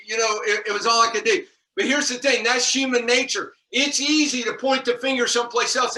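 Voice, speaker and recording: A man's voice: very high voice, moderate pace, few pauses, bright, forceful tone. A man giving a folksy motivational talk on leadership to his team, calling them y'all and repeating himself as he goes. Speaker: leadership trainer. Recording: echoey room, distant mic.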